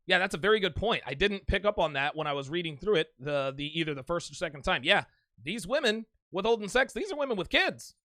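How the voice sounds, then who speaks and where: Brash profane male talk-show host, 40s, high sharp voice, dry. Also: expressive, fast talker, no room sound. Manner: brash, swaggering, profane, laughs often. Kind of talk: live call-in show banter.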